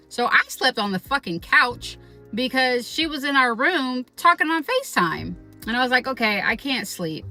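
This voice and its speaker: A woman telling a personal story in a casual, animated way, swearing often and acting out what people said. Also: mid-range voice. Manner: animated, profane, quotes people in raised voice. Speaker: vlogger.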